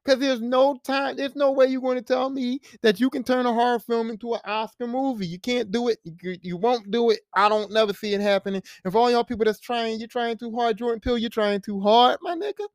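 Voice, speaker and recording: Male podcast host with a high voice, emphatic and profane in his casual movie rant, recorded dry. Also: a little fast, hardly any pauses, dry recording. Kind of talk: casual ranting review.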